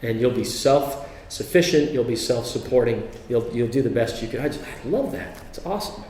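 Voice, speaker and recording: A man's voice: medium pitch, normal speed, a little hiss or hum. A man giving a religious talk with humor, acting out family members' quotes as he tells stories. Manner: animated storyteller who acts out quotes. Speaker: speaker. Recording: echoey hall.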